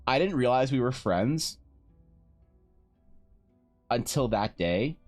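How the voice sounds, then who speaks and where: A man's voice: medium pitch, animated, takes it slowly, darkish tone, soft background music. A man chatting casually on a live art stream, telling rambling stories, swearing freely and laughing often. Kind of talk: casual chat while drawing on stream.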